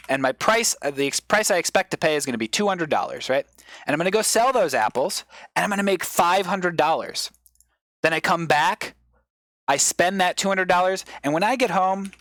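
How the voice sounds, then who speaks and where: A male comedian on a live stream, giving an improvised mock lecture as a rambling explainer with sudden excited bursts. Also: high voice, no echo.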